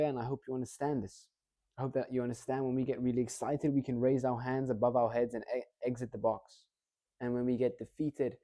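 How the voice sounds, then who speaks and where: Male speaking coach, very dark and mellow tone, lively casual delivery with frequent check-ins. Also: medium pitch. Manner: energetic, demonstrative, checks in with the listener often. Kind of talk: casual instructional talk.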